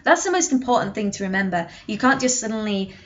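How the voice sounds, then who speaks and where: A woman's voice: medium pitch, animated, quick pace, a bit bright, muffled recording. A young woman singing teacher giving a vocal lesson to camera, explaining technique with sung and spoken demonstrations.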